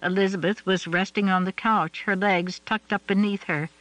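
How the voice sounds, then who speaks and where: A male audiobook narrator with a high, bright voice, reading at a measured, even pace. The recording is close and dry, with no room sound. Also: no room sound, poor audio. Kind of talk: scripted narration.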